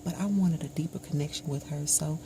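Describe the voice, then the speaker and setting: A woman with a gravelly, lowish voice tells a personal story, slowly and reflectively. She often drops into a hushed tone. Steady background noise sits under the recording. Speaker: vlogger.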